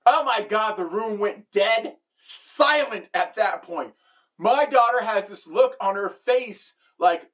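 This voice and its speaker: A middle-aged woman telling a comic story as a monologue, animated and deadpan at the punchlines, jumping into the voices of the people she quotes. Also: on the high side, slow. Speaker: comedic storyteller.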